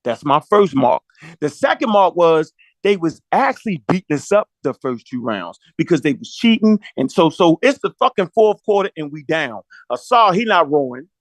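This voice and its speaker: A man's voice: a little high, sing-song, normal speed, no echo. A man telling a long story in a profane, slangy way, acting out the quotes as he goes. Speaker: podcast talker. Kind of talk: animated storytelling monologue.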